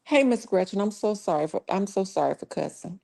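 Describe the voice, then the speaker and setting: A woman hosting a casual livestream who curses freely and talks down trolls in her chat. Her voice sits at an ordinary middle pitch. She keeps a blunt, scolding tone as she talks straight into her mic. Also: animated, fairly quick, vocal fry, mellow. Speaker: livestream host.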